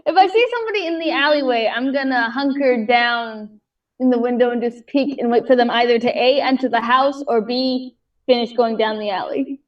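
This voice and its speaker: A woman playing in a tabletop role-play session, chatty and animated. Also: fairly high pitch, normal speed. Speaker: player. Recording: distant, dull remote mic.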